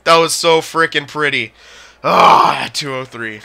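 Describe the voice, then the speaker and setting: A young man giving excited commentary over his own gameplay, shouting at plays and muttering between them. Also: on the high side, unhurried, creaky. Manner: yells and groans at the game, then mutters to himself. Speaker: gaming commentator.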